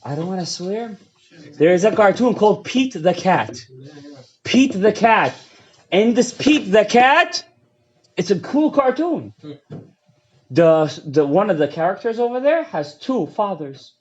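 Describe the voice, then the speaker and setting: A man giving a fiery Torah lecture as a rabbi, swinging between loud outbursts and hushed asides, mixing English with Hebrew terms, on a dull lo-fi recording. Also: high-pitched, lively intonation, a little slow. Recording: dull lo-fi audio.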